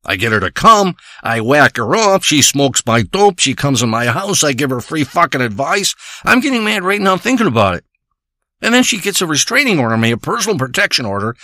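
A man's voice: on the high side, big pitch swings, a little fast, bright, forceful tone, no echo, clean studio sound. A man delivering a crude, rambling comic monologue, ranting and swearing as he tells a story.

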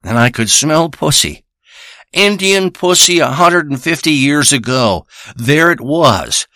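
A man's voice: on the high side, expressive, a little slow, bright, forceful tone, no echo, studio quality. A man playing a crude, rambling male treasure hunter who boasts and swears through a comic monologue. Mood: boastful. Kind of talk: improvised comic character monologue.

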